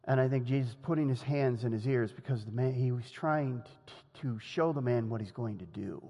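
A man preaching a sermon in a lively, conversational way, often laughing and acting out the quotes he tells. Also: mid-range voice, normal speed. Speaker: pastor. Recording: long hall reverb.

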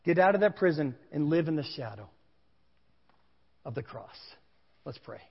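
A higher-voiced male pastor preaching in a reverberant hall. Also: expressive, normal speed, gravelly, slight background noise. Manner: candid personal storytelling, conversational. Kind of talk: sermon. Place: large room with a congregation. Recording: dull sound with long hall reverb.

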